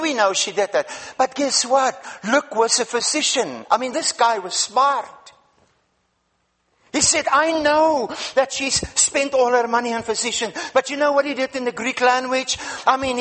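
A male preacher telling a Bible story in a sermon, with dramatic swings between loud and hushed delivery. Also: very high-pitched. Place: church. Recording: reverberant church hall.

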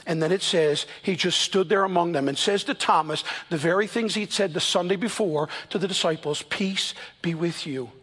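A man in his fifties preaches to his congregation, his voice sitting fairly high with a husky edge. He tells stories earnestly, speeding through some stretches and slowing to lean on key words. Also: a bit bright. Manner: earnest storytelling preacher, shifts between quick and slow emphatic delivery. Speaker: pastor. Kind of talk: sermon. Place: church.

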